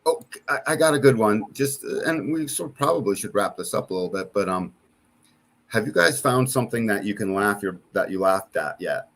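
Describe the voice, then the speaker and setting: Guy hosting, lowish voice, coaching and asking follow-up questions. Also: lively intonation, a little fast, vocal fry, a bit bright. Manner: coaching, asks probing questions. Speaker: host and reader. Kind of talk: casual interview chat.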